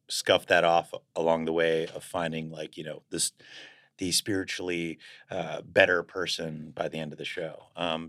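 A man's voice: low-pitched, fairly bright tone. A man being interviewed as a guest actor, talking in a reflective, casual way and searching for words as he goes.

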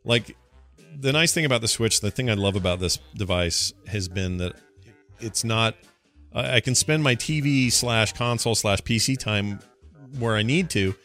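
A man's voice: fairly low pitch, normal speed, a bit bright, faint music behind. A man co-hosting a gaming podcast, chatting casually and reading listener emails, often correcting himself mid-sentence. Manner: rambling, self-correcting, reads listener emails. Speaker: podcast co-host. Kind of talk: casual chat.

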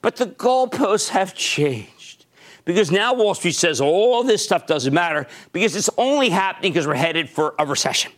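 An older man hosting a market show, delivering theatrical stock commentary, swinging from shouts to low asides. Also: lively intonation, moderate pace.

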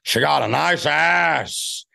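A man doing an impression of a gruff movie tough guy who builds from a growl to a yell. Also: on the high side, takes it slowly, voice pushed up, full character voice. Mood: mocking.

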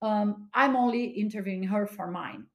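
A woman podcast host telling a personal story in a casual, animated way, acting out what people said. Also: mid-range voice, normal speed. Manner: animated, dramatic retelling with quoted voices. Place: home studio, California.

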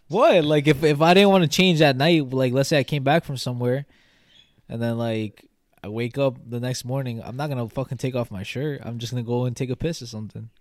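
A brash young man co-hosting a podcast, full of slang, cursing and bro. His pitch sits in the middle of the male range. The recording is dry and close. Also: brisk, no echo. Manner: brash, slangy, swearing, says bro a lot. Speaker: podcast co-host. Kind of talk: casual chat.

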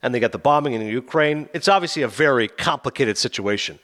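A man's voice: medium pitch, fast talker. A man chatting casually as a film reviewer, animatedly acting out scenes. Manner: animated, acts out scenes with quoted voices. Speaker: film reviewer on a talk show. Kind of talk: casual chat.

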